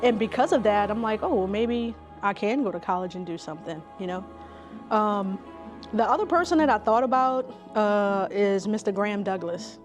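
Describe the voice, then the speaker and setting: Woman school counselor, relaxed chatty talk with lots of ums, faint music behind. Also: medium pitch, normal speed. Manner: conversational, many fillers. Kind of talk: interview storytelling.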